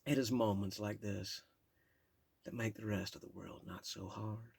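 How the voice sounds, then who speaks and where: A man's voice: mid-range voice, fairly even intonation, normal speed, gravelly, darkish tone, dry recording. A man reading his own memoir aloud in a candid, plain-spoken way, with casual asides. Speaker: memoir narrator.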